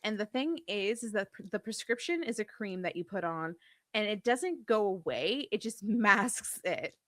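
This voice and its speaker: A woman's voice: medium pitch, animated, normal speed, no echo, studio quality. A young woman co-hosting a podcast, chatting casually in an easygoing, rambling, confiding way. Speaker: podcast co-host. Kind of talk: casual chat.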